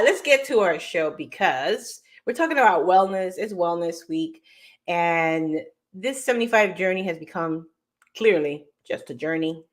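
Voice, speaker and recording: Female host from New York, upbeat and self-deprecating, loose chatty delivery. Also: lowish voice. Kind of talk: casual live show chat.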